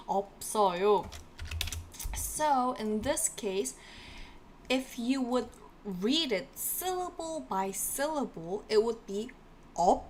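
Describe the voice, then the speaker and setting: A woman teaching a live-streamed language lesson, animated, drilling words over and over and chatting with her viewers. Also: a little high, slight background noise.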